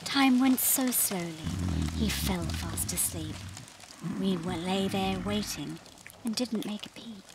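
Woman, bedtime rhyme narration, playful spooky whispers, slow lively delivery, dry close sound. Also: mid-range voice, background noise. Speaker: storyteller voicing the cat Sweep.

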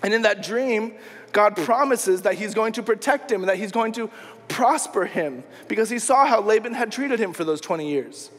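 A man's voice: sits high, expressive, normal speed, fairly bright tone. A man preaching a sermon as pastor, retelling a story casually and acting out the quoted lines. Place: church sanctuary. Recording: long church reverb.

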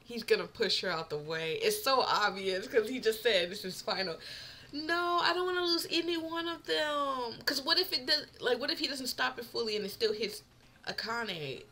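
A woman's voice: a little high, lively intonation, moderate pace, sharp tone. A young woman commenting casually on a game she is playing, emotional, often laughing and getting teary. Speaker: let's player.

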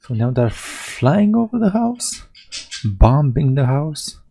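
A man's voice: on the high side, very animated, takes it slowly, creaky, mellow, husky, poor audio. A man narrating a video game playthrough, reading the game's lines aloud in a playful way. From Europe. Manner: playful, reads in-game dialogue with mock voices. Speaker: gaming video host. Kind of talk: Let's Play commentary, reading game text aloud.

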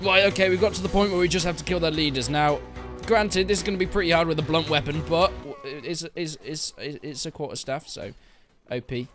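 A young man giving jokey, excitable commentary while playing a video game. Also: fairly high pitch, fairly quick, music in the background. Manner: excitable, jokey, yelps and laughs at the action. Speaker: gaming YouTuber. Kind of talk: live gameplay commentary.

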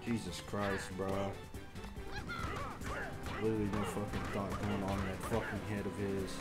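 A man's voice: low voice, level tone, normal speed, loud music behind the voice. Young man grumbling and swearing at a game. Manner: crude trash talk, swinging from mumbled grumbling to yelling. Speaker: gaming YouTuber. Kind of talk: live gameplay commentary.

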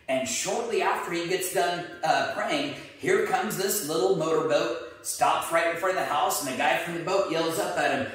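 A man's voice: a little high, moderate pace, few pauses, a bit bright. A man, a martial arts instructor, chatting earnestly and telling a joke story. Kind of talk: casual chat with storytelling. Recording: echoey room, mic at a distance.

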